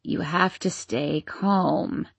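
A woman voicing a grim old female fortune-teller with a croaking voice, in an audiobook. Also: on the low side, fairly even intonation, drawn-out words, dry recording, pitched below the performer's own voice, heavily acted. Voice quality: croaking, gravelly.

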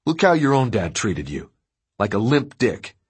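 A man reading an audiobook voices a menacing, drugged-up young man who goads and bullies loudly. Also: lowish voice, big pitch swings, a little slow, husky, exaggerated voice. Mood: bullying. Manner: loud, bullying goading.

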